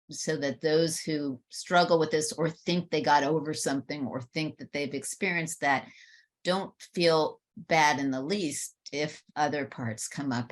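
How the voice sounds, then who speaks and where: A woman on a webinar panel, telling a candid personal story and getting animated when she quotes others. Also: deep voice.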